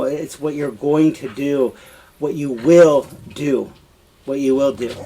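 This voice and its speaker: A man gives a slow, deliberate Spanish grammar lesson from home, speaking at a mid pitch. He repeats each example in English and Spanish. A faint noise sits under his voice. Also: poor audio. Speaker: Spanish teacher. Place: home, dogs nearby.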